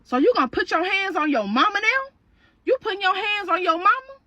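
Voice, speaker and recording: A woman's voice: extremely high pitch, expressive, a little fast, bright, forceful tone, no room sound, pitched above the performer's own voice, exaggerated voice. Woman putting on a crude, taunting mother. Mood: indignant. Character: brash greedy middle-aged mother.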